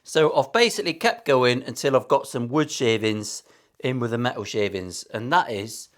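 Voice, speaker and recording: A guitar maker in his forties from England, with a West Country accent, chats through a workshop build in a casual vlog. His mid-range voice has lively intonation and a moderate pace, and his banter is cheeky, sweary and self-mocking.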